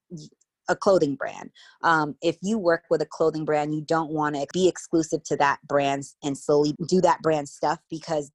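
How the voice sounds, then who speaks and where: Give me a low-pitched American woman talking casually in an interview, dry and close. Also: no echo. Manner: chatty, full of fillers, acts out her child's voice. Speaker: interview guest. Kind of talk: casual conversation.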